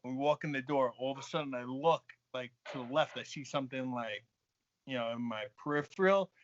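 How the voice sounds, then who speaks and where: A man, a guest on a podcast, telling a story in an animated, profane way and laughing as he goes. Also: medium pitch, a little fast, slight background noise. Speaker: guest, fighter. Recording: dull dry lo-fi podcast audio.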